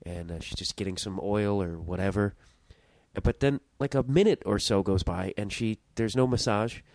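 A man's voice: lowish voice, normal speed, darkish tone, dry recording. A young man hosting his own podcast, telling a story in a rambling, self-interrupting way and swearing casually. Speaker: podcast host.

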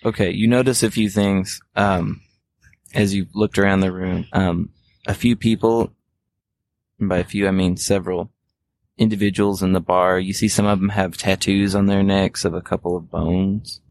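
Male game master, low-ish voice, calm descriptive narration. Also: moderate pace.

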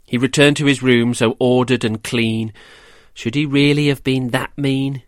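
A man reading a rhyming children's story aloud, gentle and measured, then quizzing children about it. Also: mid-range voice, steady tone, no room sound, studio quality. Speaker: storyteller and host.

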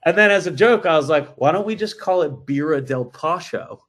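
A man telling a story as a podcast guest, animated and full of swearing. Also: fairly high pitch, brisk. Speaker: brewery guest. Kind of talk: casual podcast chat.

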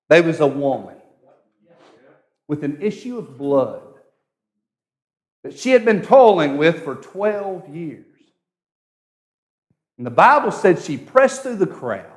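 Preacher, hushed to shouting. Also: male voice, fairly high pitch, very animated, unhurried, long pauses. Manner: storytelling, swinging from hushed to shouting. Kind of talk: sermon.

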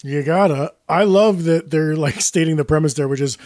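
A man's voice: on the high side, normal speed, darkish tone, no room sound. A man co-hosting a comedy podcast in casual chat, amused and riffing with laughs mid-sentence. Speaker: podcast co-host.

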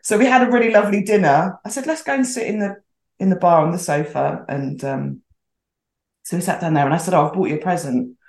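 A woman's voice: lowish voice, fast talker, darkish tone. Chatty woman in an echoey room. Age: middle-aged. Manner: chatty, acts out quoted voices. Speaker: podcast guest. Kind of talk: casual storytelling. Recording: roomy echoey sound.

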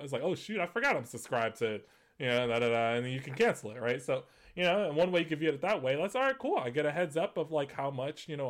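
A man hosts a gaming news show in loose, conversational commentary. He talks in a mid-pitched voice, full of fillers and restarts. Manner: conversational, many fillers and restarts, laughs at points. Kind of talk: casual commentary.

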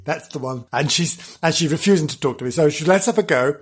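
A man's voice: a little high, husky. Hammy Welsh man telling spooky tales. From Wales. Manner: hammy, drawn-out, mock-spooky with sighs and chuckles. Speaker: host. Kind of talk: comic spooky storytelling.

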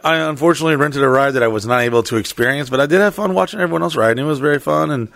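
A man with a gravelly, slightly raised voice tells crude stories on a podcast, swearing freely and acting out the people in them. The sound is dry and close, with no room echo. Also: fairly high pitch, racing. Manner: profane, animated, acts out other people's voices. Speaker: podcast co-host. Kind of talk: crude casual storytelling.

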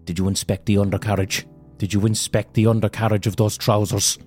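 A man's voice: low-pitched, level tone, fast, a little mellow, soft background music. Pompous stage-Shakespearean father as a man puts him on, theatrical, solemn, darkish tone. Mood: grandly serious. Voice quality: stage Shakespearean accent, operatic tone. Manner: grave, theatrical. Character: pompous father sniffing rented suits, grandly serious.

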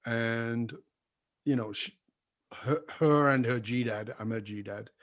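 Older man telling an earnest, confessional story. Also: takes it slowly. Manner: earnest, confessional, drops soft and low when recalling apologies. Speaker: guest. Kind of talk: reflective personal storytelling.

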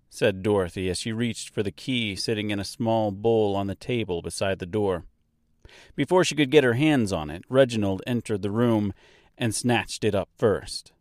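A man narrating an audiobook novel in a measured, expressive manner on a close mic. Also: on the low side, no room sound.

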